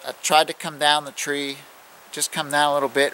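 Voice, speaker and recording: A middle-aged man telling a true scary story in plain, casual speech, halting and restarting as he goes. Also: on the high side, little pitch movement, pushed and bright, poor audio. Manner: plain-spoken, halting with restarts, acting out growls. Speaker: outdoors channel host.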